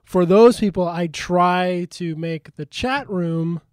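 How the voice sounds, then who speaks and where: A man's voice: sits high, slow, clean tone, no room sound. Chatty man with a dry close sound. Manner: rambling, filler-heavy, chuckles often. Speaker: podcast host and game streamer. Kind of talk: casual chat.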